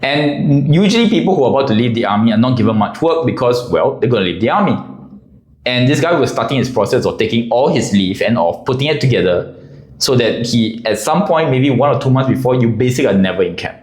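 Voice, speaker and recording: A man's voice: mid-range voice, fast, echoey room. A man telling a casual army anecdote to camera, acting out what people said and did. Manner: animated, acts out voices and gestures. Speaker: storyteller.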